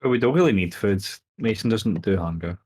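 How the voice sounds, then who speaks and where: A man playing a tabletop game, chatting casually and asking relaxed questions. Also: fairly low pitch, brisk, slightly rough. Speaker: player.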